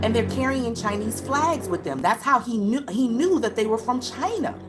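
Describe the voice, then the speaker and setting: Emphatic woman with a lively, swooping voice. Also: fairly high pitch, moderate pace, few pauses, loud music behind the voice. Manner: emphatic, repeats points for emphasis; addresses viewers directly. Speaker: live-stream commentator. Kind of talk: casual live-stream commentary.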